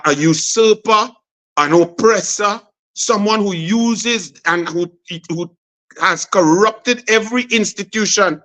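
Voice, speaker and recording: Man, Trinidadian accent, high voice, fiery political speech, emphatic repetitive lists. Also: fairly bright tone. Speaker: senator.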